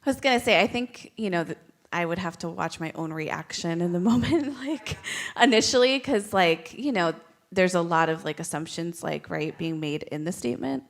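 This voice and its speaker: A woman in a church discussion group, speaking earnestly and filling pauses with "like". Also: fairly low pitch. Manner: earnest, many fillers. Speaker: class participant.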